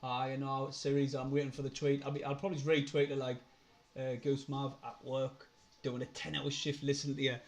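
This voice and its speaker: A man's voice: mid-range voice, brisk. Chatty young Sunderland man, laughing. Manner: chatty, laughs often, swears, gets excitable. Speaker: livestream host. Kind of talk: casual live stream chat.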